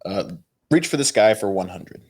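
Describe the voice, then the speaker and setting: A man's voice: lowish voice, animated, moderate pace, darkish tone, husky. A man playing as a contestant in a casual trivia game, picking categories and joking playfully. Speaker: podcast host, contestant.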